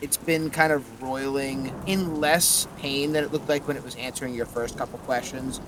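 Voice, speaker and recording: A man narrating a tabletop horror game as game master, slow and descriptive. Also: medium pitch, fairly even intonation, background noise.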